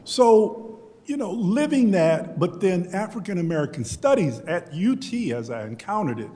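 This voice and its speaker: This sixty-something man from Beaumont, Texas, US, has a high-sitting, dark-toned voice with big pitch swings at normal speed. On a history panel he tells personal stories conversationally and reflectively, often restarting sentences, amid long hall reverb.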